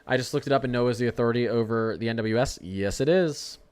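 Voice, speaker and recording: A man's voice: mid-range voice, fast, darkish tone, clean tone. Young male streamer, casual and rambling, prone to heated rants, addresses chat directly. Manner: rambling, ranting, talks to chat. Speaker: weather livestream host. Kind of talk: casual live weather stream.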